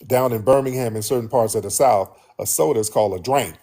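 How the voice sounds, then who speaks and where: A man holds forth as a show host. His voice sits at an ordinary middle pitch. He speaks bluntly and with animation, circling back over the same points. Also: a little fast, creaky, few pauses. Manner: animated, blunt, repeats himself. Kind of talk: casual monologue to listeners.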